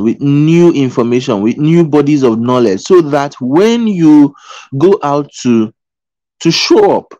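A man's voice: mid-range voice, dark tone, dry recording, lo-fi sound. A man giving a live-streamed motivational talk, earnest and pleading, who repeats his phrases and keeps checking in with his listeners. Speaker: motivational speaker. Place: in Qatar.

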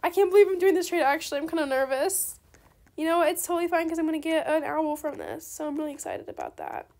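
A young woman giving chatty, excitable commentary on her own game trades, talking straight to her viewers. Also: extremely high pitch, fast talker, creaky. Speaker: gaming video creator. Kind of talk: casual gameplay commentary.

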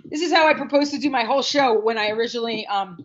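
High, bright animated woman reviewing candy. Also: quick pace. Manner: animated, exaggerated, talks to viewers. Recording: dull lo-fi livestream audio.

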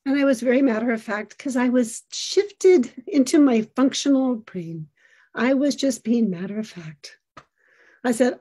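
A middle-aged woman giving an earnest, expressive storytelling talk, acting out the lines of the people in it. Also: a little high, unhurried, husky.

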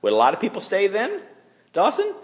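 A man's voice: high-pitched, a little fast. A male pastor gives a chapel sermon for young children. His voice leaps and dips expressively as he teases and acts out little scenes. The sound carries a long reverb from the chapel. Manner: animated, playful voices for the kids. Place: school chapel.

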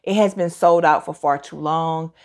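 A tired, chatty woman in her forties who talks fast and gives opinionated reviews in a casual vlog. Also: deep voice, steady tone, a little mellow. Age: 40s. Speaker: fragrance reviewer.

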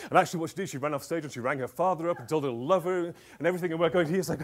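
A man, an author and executive coach, telling stories in a lively, conversational talk to a live audience and checking in with them along the way. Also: on the high side, racing, hardly any pauses.

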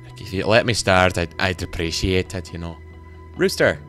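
A teenage boy giving rambling, excitable commentary while playing a video game. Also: deep voice, normal speed, faint music behind. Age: teens. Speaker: gaming channel host. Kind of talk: gameplay commentary.

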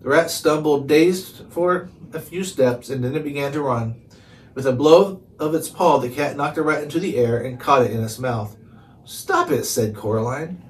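A man narrating a chapter book aloud in calm, steady read-along storytelling. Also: medium pitch, moderate pace. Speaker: storybook reader. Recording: distant mic, faint hiss.

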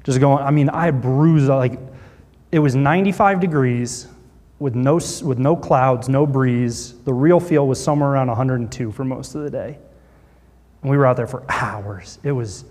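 A pastor telling a story in a sermon, animated and acting out what people said. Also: male voice, mid-range voice, in a large hall.

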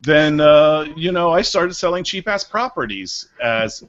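Middle-aged guy from maryland on a video call, lively storyteller broker, kinda muffled audio. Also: fairly high pitch, unhurried. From Maryland, USA. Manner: lively, animated storytelling with acted-out asides. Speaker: real estate broker, guest. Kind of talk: interview over a live video call.

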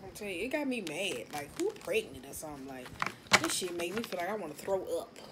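A woman's voice: on the low side, big pitch swings, quick pace. Profane, irritated woman reading tarot. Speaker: tarot reader. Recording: noisy home recording.

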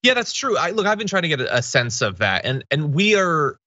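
A man's voice: a little high, very animated, a little fast, pushed and bright, no room sound, lo-fi sound. A man hosting a political commentary show, talking through the news in a conversational, emphatic way with restarts.

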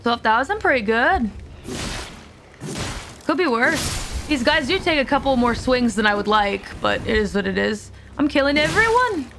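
During casual live-stream commentary on a video game, a young woman jokes around and swears freely with her audience. She speaks unhurriedly in a fairly high, creaky voice with long pauses, against a noisy background.

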